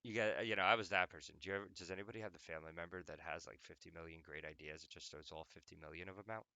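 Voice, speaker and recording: A man's voice: deep voice, fairly even intonation, rapid-fire, bright, forceful tone, clear, resonant tone, dry recording. A young adult man hosting an audio podcast, talking casually in a rambling, profane, joking way. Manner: rambling, profane, jokey, many "like"s. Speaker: podcast host. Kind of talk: casual monologue.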